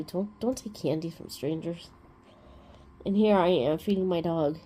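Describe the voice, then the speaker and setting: A woman's voice: on the low side, mellow, slight background noise. A woman hosting a crafting vlog, chatting casually and rambling through everyday stories. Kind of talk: casual chat.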